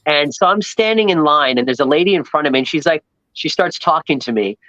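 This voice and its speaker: A man tells a long story in a loose, rambling way. He acts out every voice he met and sounds thrilled by each coincidence. His voice sits a bit high and comes through a dry, slightly muffled recording. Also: lively intonation, a little fast, pushed and bright, dry recording. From New York, Long Island. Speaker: guest. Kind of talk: casual storytelling chat.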